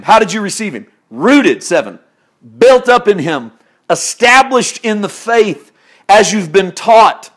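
With a high voice, this preacher delivers a sermon that moves between loud exclamations and quiet, intimate moments, laughing frequently while he speaks.

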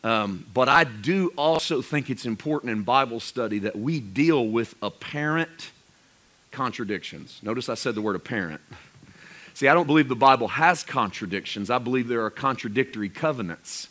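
Male pastor, sermon delivery, crisp bright tone, leans hard into key phrases. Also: medium pitch, lively intonation. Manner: emphatic preaching, voice rising and slowing on key phrases.

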